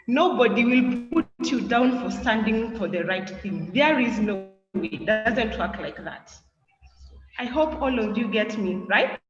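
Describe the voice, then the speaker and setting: A woman's voice: fairly high pitch, lively intonation, unhurried. A teenage girl giving an impassioned student speech, asking her listeners one question after another. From Kenya. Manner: rhetorical, questioning, earnest. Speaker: student speaker. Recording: echoey hall, distant, muffled, faint noise.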